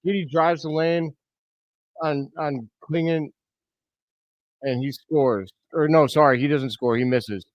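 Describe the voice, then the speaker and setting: A man hosting a live reaction stream, giving blunt, excitable play-by-play commentary with loud outbursts. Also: on the high side, slow pace, long pauses, dry recording, dull audio. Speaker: host of a fan reaction stream.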